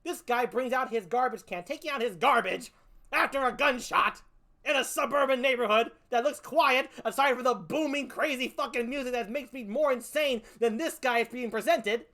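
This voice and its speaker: A woman's voice: on the high side, normal speed, fairly bright tone. A woman comedian doing a stand-up routine, profane, exasperated and mocking as she picks apart a film.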